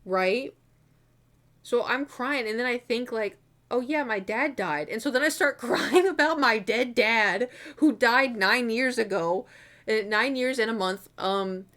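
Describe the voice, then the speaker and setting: A woman's voice: a little high, measured pace, a bit bright. Young woman, streamer, casual rambling chat, candid, swears, filler-heavy, home desk mic. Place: home room.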